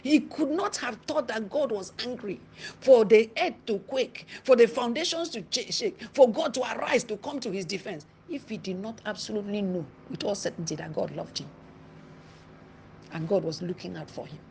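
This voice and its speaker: A woman preacher giving a sermon, reading scripture slowly and stressing each phrase. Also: medium pitch, lively intonation, vocal fry, darkish tone, breathy edge. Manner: slow emphatic scripture reading with rising emphasis.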